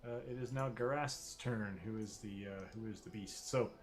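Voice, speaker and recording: A man running a tabletop game as game master, talking in a relaxed, halting way with many restarts. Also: lowish voice, soft background music.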